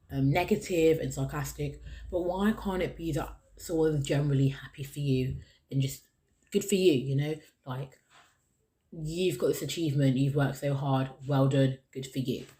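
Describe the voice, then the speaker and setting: Solo podcast host, sincere pep-talk delivery, circles back to the same phrases, mid-range pitch. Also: a little mellow. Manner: earnest and encouraging, repeats key phrases.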